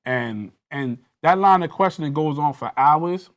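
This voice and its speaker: A man's voice: a little high, animated, measured pace. A man telling a personal story in a panel discussion, acting out the dialogue with rising intensity. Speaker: guest recounting a police interrogation.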